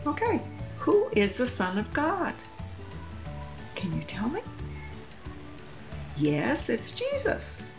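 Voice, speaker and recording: A woman's voice: medium pitch, poor audio. A woman leading a children's church lesson, singing simple songs, reading a Bible story and coaxing little ones with questions. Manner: sing-song, coaxing questions to small children.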